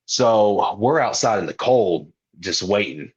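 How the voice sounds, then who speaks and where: This clip muffles a young man's fairly low, slightly rough voice as he takes his time. He's a wrestler guesting on a podcast, spinning casual stories in lively slang and acting out other people's lines.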